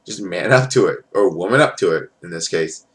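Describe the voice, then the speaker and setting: A man with a fairly low voice talks through a recap in loose, casual vlog fashion. He rambles and swears freely. His sentences are full of filler words. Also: animated, fairly quick. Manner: rambling, profane, lots of filler. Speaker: wrestling show reviewer.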